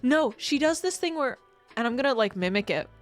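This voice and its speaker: A woman's voice: high voice, lively intonation, fairly quick, soft background music. A woman streamer in casual chat, rambling and laughing often as she reads chat messages.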